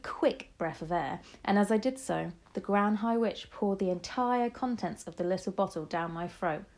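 Expressive woman reading a storybook. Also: on the low side, vocal fry. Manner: dramatic, expressive. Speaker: audiobook narrator. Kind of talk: first-person storybook narration.

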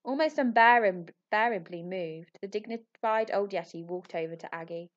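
A woman narrating a children's storybook in a clear, expressive reading voice. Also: lowish voice, moderate pace. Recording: slightly muffled audio.

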